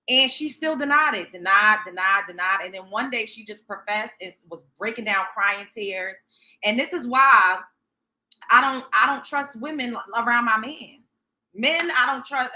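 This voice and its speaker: A woman's voice: on the high side, pushed and bright. A young woman from Brooklyn, hosting a show and telling a story in a blunt, profane, sassy way. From Brooklyn, New York. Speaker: host. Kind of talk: storytelling commentary.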